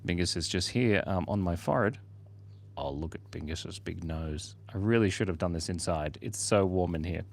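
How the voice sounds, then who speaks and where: A man's voice: low-pitched, normal speed, vocal fry. A man hosting a casual livestream, drawing while he reads out viewers' chat messages, joking and laughing as he goes.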